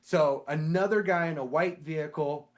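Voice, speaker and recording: A man casually telling a story on a podcast, animated and swearing, acting out the voices of the people in it. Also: a little high, moderate pace. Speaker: podcast co-host; sewer inspector.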